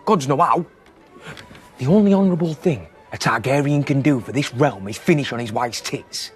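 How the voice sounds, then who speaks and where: An actor playing a drunk young knight who rants bitterly in a TV drama. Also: male voice, mid-range voice, expressive, moderate pace, slightly rough, faint music behind. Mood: bitter ranting. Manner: bitter ranting. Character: young male knight, drunk, ranting against the royal family. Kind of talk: TV drama acting.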